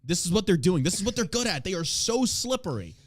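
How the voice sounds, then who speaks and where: A man's voice: sits high, sing-song, fast talker. A man hosting a podcast, ranting in a profane, sarcastic, casual way about politics. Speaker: podcast host.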